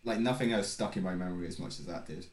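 A man's voice: low voice, fast, roomy sound. A young man co-hosting a podcast, chatting casually with dry, self-mocking humour. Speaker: podcast co-host and editor. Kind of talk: casual chat.

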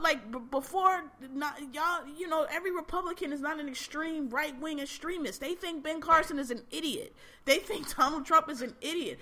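A woman with a high-pitched voice and a bright, sharp tone hosts a podcast. She rants casually about politics, blunt and exasperated, with plenty of swearing. Her sentences often break off and start again. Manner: blunt, exasperated, profane, many restarts. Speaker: podcast host.

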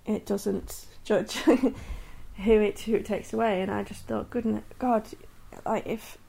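A woman's voice: mid-range voice, fairly even intonation, a little slow, vocal fry. A woman in her thirties speaking candidly and earnestly in a personal podcast monologue. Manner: candid and earnest, many restarts and soft laughs. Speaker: podcast host.

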